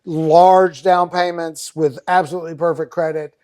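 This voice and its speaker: A man's voice: fairly high pitch, steady tone, normal speed, a little mellow. A man, a mortgage lender hosting a podcast, explaining loan rates emphatically in casual chat.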